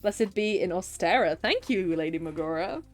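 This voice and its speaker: A woman's voice: fairly low pitch, animated, moderate pace, soft background music. A woman chatting casually on a live writing stream, answering her chat and laughing often.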